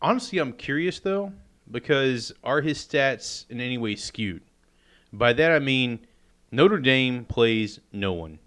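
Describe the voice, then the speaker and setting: A man's voice: medium pitch, lively intonation, measured pace, fairly bright tone. A man co-hosting a casual sports podcast, blunt and opinionated, often restarting his words. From American South. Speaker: podcast co-host.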